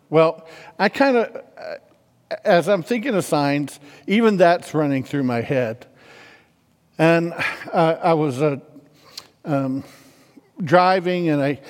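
A man preaching a sermon in a conversational storytelling way, with restarts and emphatic peaks. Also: on the high side. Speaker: pastor. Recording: long hall reverb.

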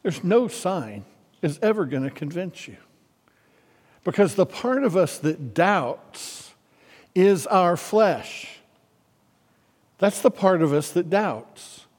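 A male pastor delivers his sermon at an unhurried pace. He tells stories in a conversational way, stumbling and restarting, then rises to emphatic peaks. His slightly high voice carries a long reverb from a large hall. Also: animated, a little mellow.

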